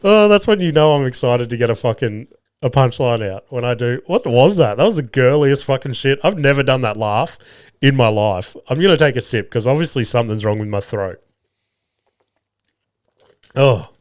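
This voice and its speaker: A man's voice: medium pitch, lively intonation, normal speed, no room sound, studio quality. A man in his thirties hosting a solo podcast, telling rambling, crude stories and laughing at his own jokes. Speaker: podcast host. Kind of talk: casual solo podcast storytelling.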